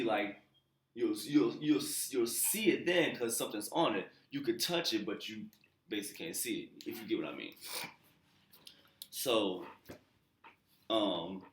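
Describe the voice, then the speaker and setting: Male reviewer with a low voice, loose and slangy, muttered asides, echoey room. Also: measured pace, long pauses. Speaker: TV episode reviewer, channel host. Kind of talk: casual unscripted episode recap. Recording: roomy echo.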